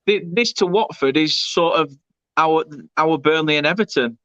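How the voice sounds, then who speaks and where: A man hosts a live football chat in an easygoing way, reading out viewer comments. His voice sits a little high, and the sound is dull and dry, like a modest webcam mic. The pace stays relaxed and conversational. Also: normal speed, dry recording. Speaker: host. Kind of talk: hosting a live football show.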